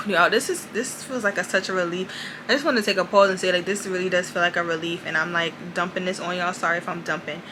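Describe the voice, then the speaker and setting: A woman's voice: on the low side, quick pace, background noise. A young woman vlogger telling a personal faith testimony in a chatty way, addressing viewers directly and saying "like" often. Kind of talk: casual confessional testimony.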